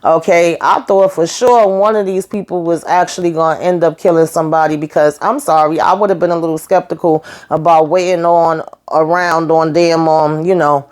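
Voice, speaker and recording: A woman's voice: low-pitched, normal speed, few pauses. Chatty woman recapping a TV episode. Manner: chatty, animated retelling with acted quotes and asides. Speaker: YouTube reviewer.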